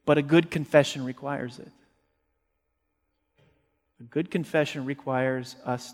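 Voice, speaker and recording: A male pastor preaching a sermon, emphatic, swinging between forceful peaks and quiet low passages. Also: steady tone, measured pace, long pauses, in a large hall.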